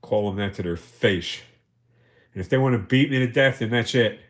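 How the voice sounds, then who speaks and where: A man's voice: lowish voice, normal speed. Profane rambling male storyteller. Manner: profane, rambling, chuckling through anecdotes. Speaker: livestream host. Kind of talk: casual storytelling.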